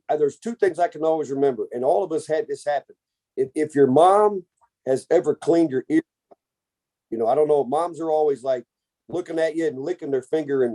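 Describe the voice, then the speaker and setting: A man's voice: a little high, mellow. A man co-hosting a casual podcast, rambling through family stories with jokes and restarts. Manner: rambling, self-interrupting, jokey. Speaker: podcast co-host. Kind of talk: casual family storytelling chat.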